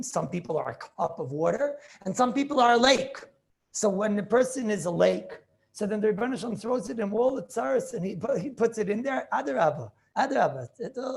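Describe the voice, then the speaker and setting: Speaking in a high-pitched, gravelly, slightly mellow voice, this forty-something rabbi preaches emphatically in a casual video-call class. He repeats himself for emphasis and poses rhetorical questions.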